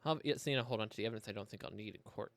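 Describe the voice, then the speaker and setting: A man's voice: fairly low pitch, rapid-fire, very noisy. A man co-hosting a game let's play, chatting casually and thinking aloud. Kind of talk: casual co-op gameplay chat.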